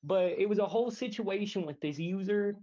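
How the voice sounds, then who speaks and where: A male caller on a voice call to a stream, talking in a rushed, calming way with many fillers. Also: sits high. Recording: dull lo-fi call audio.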